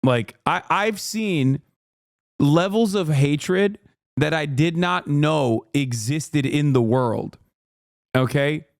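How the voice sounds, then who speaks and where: A man's voice: fairly high pitch, takes it slowly, vocal fry, no echo, clean studio sound. A man streaming, ranting with heated, profane sarcasm while reacting to a clip.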